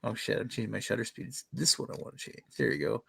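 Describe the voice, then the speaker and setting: A man hosting a casual podcast chat, loud and profane, laughing often. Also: on the low side, sing-song, fast, vocal fry, breathy edge, no echo.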